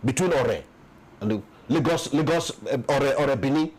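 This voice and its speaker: A man's voice: mid-range voice, moderate pace, darkish tone, slightly rough, low-quality recording. A man with a Nigerian English accent, giving impassioned, emphatic political commentary as an interview guest and repeating words as he builds his points. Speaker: interview guest, peace commission official.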